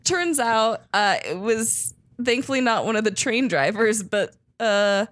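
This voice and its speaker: A woman's voice: on the high side, lively intonation, a little slow, fairly bright tone. A woman co-hosting a casual group chat, reading out news stories with giggles and stumbling over foreign names.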